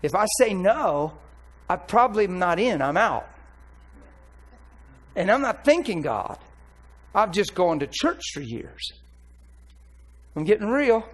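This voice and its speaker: A man preaching a candid, blunt personal testimony with animated storytelling. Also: high-pitched, unhurried, pauses often, low-quality recording. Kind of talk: sermon testimony.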